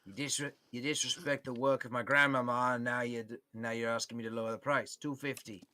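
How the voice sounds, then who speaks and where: A man voicing a prickly male gnome shopkeeper with one good eye, curt and quick to take offense. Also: medium pitch, level tone, pushed and bright, natural voice. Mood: indignant. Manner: curt, haggling, easily offended.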